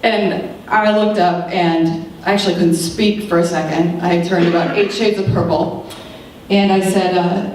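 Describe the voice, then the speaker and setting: A woman in her thirties gives a keynote in a large lecture room, her voice a touch low as she tells a personal story with animated asides and voices for the people in it. She is picked up from well back in the room, with heavy echo and a faint hiss underneath. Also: a little slow. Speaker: keynote speaker. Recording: very echoey hall, distant mic.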